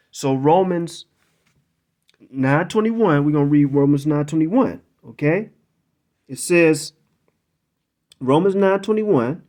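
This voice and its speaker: A male preacher with a fairly high voice delivers a sermon and reads scripture aloud. He talks haltingly, repeats himself, fills pauses and drops in profane asides. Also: darkish tone.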